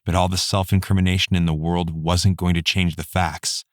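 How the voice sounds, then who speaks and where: A man narrating an audiobook in a steady, measured way. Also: low voice, no room sound, clean studio sound. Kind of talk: scripted narration.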